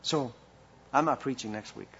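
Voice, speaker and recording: A man's voice: medium pitch, normal speed, a bit bright, highs cut off, slight background noise. A man preaching a sermon as pastor, with impassioned rhetorical questions and a delivery that rises and falls.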